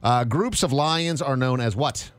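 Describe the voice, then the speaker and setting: A man's voice: mid-range voice, unhurried, heavy background noise. A man hosting a radio show, running a quiz with teasing banter at the studio microphone. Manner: lively, teasing quizmaster. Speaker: radio host.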